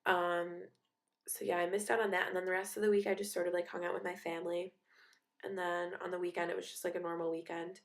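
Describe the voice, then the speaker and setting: Teen exchange student girl vlogging, kinda sick, low-ish voice, says like a lot. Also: little pitch movement, quick pace. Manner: rambling, filler-heavy, chatty. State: a little sick. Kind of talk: casual video diary.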